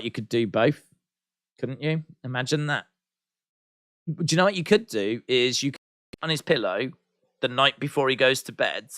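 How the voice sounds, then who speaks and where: Male livestream host with a higher, bright voice and dry, close sound; casual chat, reads viewer comments out, teasing. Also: no room sound. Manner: playful teasing humor. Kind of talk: live watch-along chat.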